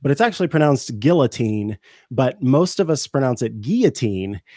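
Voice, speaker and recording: A man's voice: mid-range voice, animated, fairly quick, darkish tone, dry recording, studio quality. A man hosting a tech podcast, chatting casually with a wry, joking manner. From United States. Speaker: podcast host.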